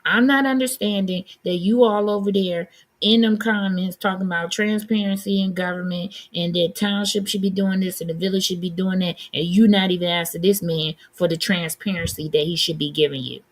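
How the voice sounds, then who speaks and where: A woman's voice: on the low side, fairly even intonation, a little fast. A woman hosting a live stream, giving blunt, sassy commentary and answering her chat. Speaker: livestream host.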